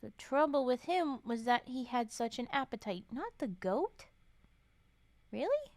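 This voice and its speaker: A woman's voice: high voice, big pitch swings, a little slow, darkish tone, dry recording. A woman streamer reading folktales aloud on a casual stream, breaking off often to chat and joke. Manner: chatty, swears and laughs, interrupts the reading with comments.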